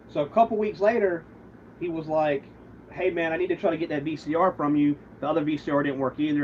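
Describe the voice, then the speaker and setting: A man on a livestream telling a grudge story in a profane, aggrieved, rambling way, quoting both sides of the argument. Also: fairly high pitch. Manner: rambling, with many restarts and quoted back-and-forth. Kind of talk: casual livestream rant. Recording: muffled lo-fi stream audio, faint background noise.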